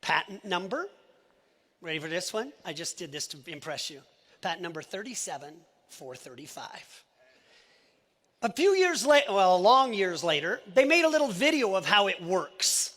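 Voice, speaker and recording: A man giving an emotional presentation on stage at a live company event, swinging between shouted lines and hushed asides. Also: high voice, very animated, normal speed. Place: event stage before an audience.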